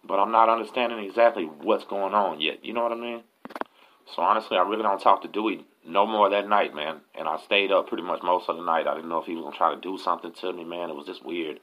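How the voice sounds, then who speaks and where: Texan male host, very low gravelly voice, slangy profane storyteller, lo-fi audio. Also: fast. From Texas, USA. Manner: profane, slangy, street talk. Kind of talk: casual storytelling.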